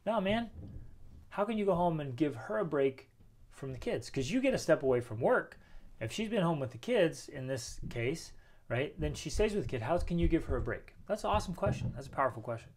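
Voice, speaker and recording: A man in his thirties hosts a motivational talk from home while children play nearby, speaking emphatically and asking rhetorical questions. His voice sits on the high side, fairly quick, sing-song, and slightly mellow.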